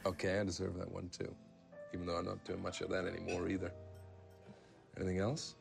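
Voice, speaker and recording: A weary, contrite character in a TV drama, with a very gravelly, flat, deep voice. Faint music plays under the scene. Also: male voice, a little fast.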